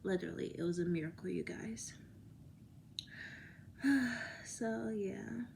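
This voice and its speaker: A woman in a casual vlog, talking in a loose, rambling way and laughing often. Her voice sits at a middle pitch, and at times she slips into a whisper. A faint hiss of noise runs underneath. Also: takes it slowly, vocal fry, a little mellow. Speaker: vlogger. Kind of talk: casual chat to camera.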